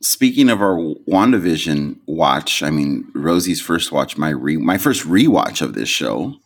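A man co-hosting a podcast in casual chat, animated, often restarting sentences and acting out quotes. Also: a bass voice, a little slow. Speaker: podcast co-host.

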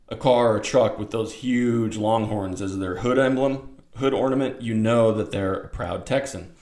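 Rambling middle-aged man telling a story. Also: medium pitch. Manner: rambling, animated, acts out voices. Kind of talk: casual anecdote. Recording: roomy echo.

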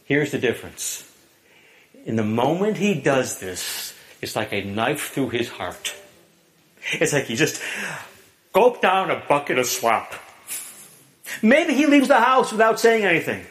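A man preaching a sermon, telling a story with dramatic drops to a hush. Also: big pitch swings, a little slow, long pauses. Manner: storytelling, dramatic swings from booming to hushed.

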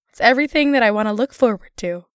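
A giggly young woman co-hosting a podcast in relaxed chat. Her pitch sits a bit high and swings widely as she jokes, and the close mic sounds dry with no room around her. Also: fast talker, clean tone, no echo. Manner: giggly and playful, laughing often. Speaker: podcast co-host. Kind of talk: casual chat.

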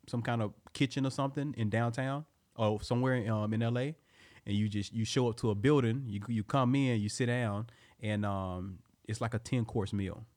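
A relaxed man with a Southern American accent talks loosely in a casual podcast chat, spinning stories in easy slang. His voice sits at an ordinary middle pitch for a man. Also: moderate pace. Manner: laid-back, relaxed storytelling with slang. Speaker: podcast co-host. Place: home garage.

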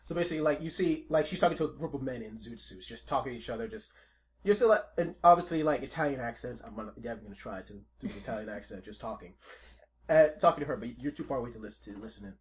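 A man's voice: mid-range voice, lively intonation, rapid-fire. A man running a tabletop game as game master, narrating in a rambling way with frequent restarts. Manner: rambling, restarts, laughs a lot.

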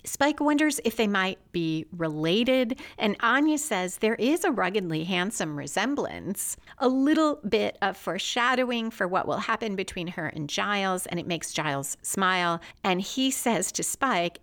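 A woman's voice: medium pitch, animated, moderate pace, hardly any pauses, a bit bright. Woman recapping a TV episode. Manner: chatty, analytical retelling. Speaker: podcast host. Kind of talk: episode recap and story analysis.

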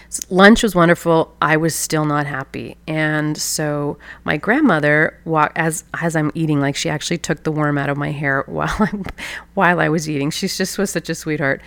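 A woman coach hosts her own show, telling a childhood story and drawing a life lesson from it. Her voice sits low, and she speaks reflectively, with soft laughs. The recording is dry, with no room sound. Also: vocal fry, dry recording. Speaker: personal excellence coach and podcast host. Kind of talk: motivational storytelling monologue.

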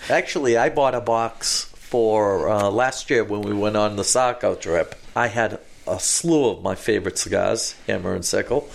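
Gravelly joking man in casual chat. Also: fairly low pitch, normal speed, hardly any pauses. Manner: joking, animated anecdotes. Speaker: podcast co-host. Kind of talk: casual chat among friends.

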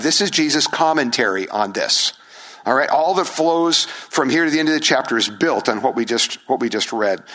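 A male pastor preaching a sermon, animated, asking the congregation rhetorical questions and acting out crowd voices. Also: mid-range voice.

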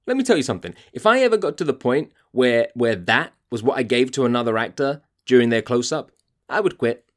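A man's voice: medium pitch, very animated, brisk. Ranting, swearing man hosting a podcast. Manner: ranting, profane, exasperated. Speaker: podcast host. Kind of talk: podcast monologue.

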